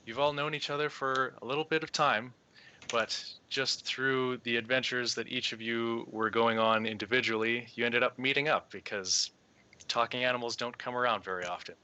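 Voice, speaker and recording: A man's voice: mid-range voice, steady tone, moderate pace, pushed and bright, lo-fi sound. A man narrating as game master of a tabletop game in an easygoing, descriptive way.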